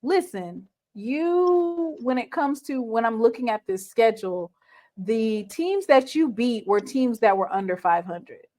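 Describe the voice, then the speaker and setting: A woman's voice: fairly high pitch, lively intonation, a little slow, mellow. Woman host pressing with pointed questions. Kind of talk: sports talk show discussion.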